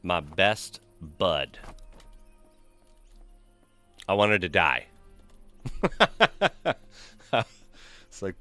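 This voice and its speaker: A man's voice: low voice, sing-song, very slow, pauses often, bright, forceful tone, dry recording, faint music behind. A young man streaming a game, chatting casually with viewers, reading names from chat and telling crude, joking stories. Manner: loose, profane, joking storyteller reading chat.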